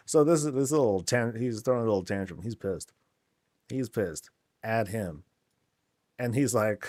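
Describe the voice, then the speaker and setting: A man's voice: mid-range voice, animated, a little slow, darkish tone, no room sound, studio quality. A man hosting a casual game tour, laid-back and joking, with lots of slang. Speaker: game channel host.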